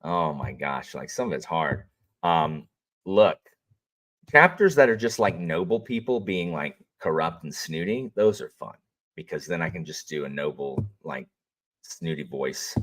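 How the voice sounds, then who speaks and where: Deep-voiced male streamer, lively swings in pitch, rambling and chatty with viewers. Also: measured pace. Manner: rambling, chatty, greets viewers, frequent fillers and restarts. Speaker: audiobook narrator and livestream host. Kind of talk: casual livestream chat.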